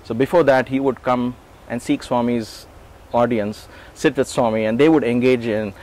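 In an interview, a man in his forties with a medium-pitched voice and moderate pace recounts his memories. He tells his stories animatedly, acting out the quoted dialogue, chuckling, and restarting his sentences.

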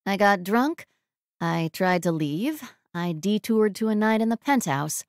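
A woman voicing a sardonic young woman with a dry, deadpan wit. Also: mid-range voice, a little slow, dry recording. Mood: wry.

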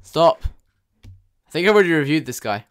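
A man's voice: a little high, sing-song, brisk, clear, resonant tone, dry recording, clean studio sound. A young man chatting jokily to his viewers while commentating a live game stream. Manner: chatty, jokey, talks to viewers.

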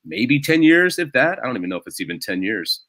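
Man, comedian guest, animated self-deprecating storytelling, bright lowish voice, dry close sound. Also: brisk, dry recording, rough recording. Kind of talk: casual podcast chat.

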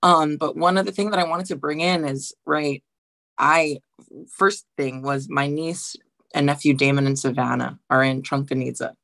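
Theatre actress from Guam, heartfelt and animated, dry video call audio. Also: female voice, low-pitched, normal speed, creaky, no room sound. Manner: emotional, animated, says "right" often. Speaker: guest, theatre actor. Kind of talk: casual panel chat.

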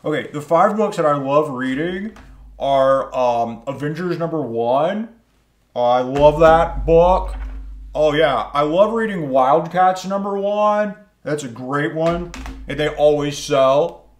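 A man's voice: on the high side, slow pace. A man hosting a comic shop vlog, rambling and gushing and saying "oh yeah" over and over. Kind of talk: comedic vlog. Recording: roomy echo.

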